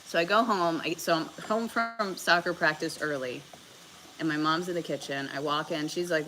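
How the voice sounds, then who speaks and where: A woman's voice: low-pitched, normal speed, fairly bright tone, a little hiss or hum, rough recording. A sick woman from the American South, a livestream host telling a story casually, with plenty of fillers and swearing. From Southern United States. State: sick with a bug.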